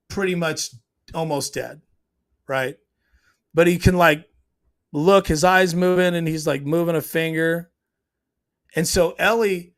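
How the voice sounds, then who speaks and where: A man with a slightly higher-than-usual voice hosts his own show and recaps a TV episode. He rambles and loses his train of thought, clearing his throat often as he talks, and he speaks with plain emotion. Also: a bit bright. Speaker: show host.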